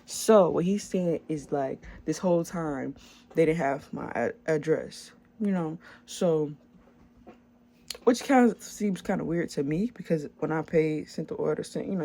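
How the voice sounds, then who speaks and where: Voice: medium pitch, gravelly, warm tone. A young adult small business owner telling a long story in a casual vlog, chatty and slangy, with filler words and swearing.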